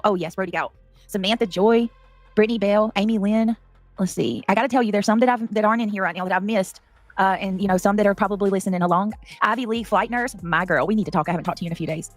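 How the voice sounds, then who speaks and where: A woman's voice: medium pitch, no echo. Woman on her livestream, calling out viewers' names, emotional and defensive, faint music behind. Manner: greets chat by name, emotional, defensive. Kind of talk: casual livestream chat.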